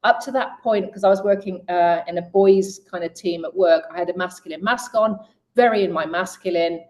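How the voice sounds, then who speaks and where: A middle-aged woman in an interview, telling her own story and speaking straight to women listeners. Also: brisk. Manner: lively storyteller who voices quoted people with raised pitch; direct, addresses women listeners. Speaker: guest coach.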